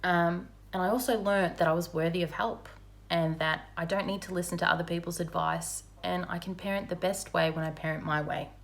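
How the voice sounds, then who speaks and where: A woman gives a candid personal account in a slightly low voice. She speaks frankly and conversationally, with plenty of ums and you-knows along the way. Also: fairly even intonation, fairly quick, creaky. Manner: frank and conversational, with many fillers. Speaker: mother sharing her recovery story.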